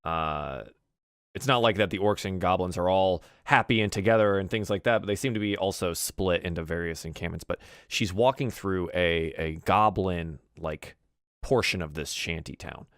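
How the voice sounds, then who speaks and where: A man's voice: low voice, moderate pace, smooth, no room sound, clean studio sound. A man narrating as game master of a tabletop game, rambling and full of fillers and restarts.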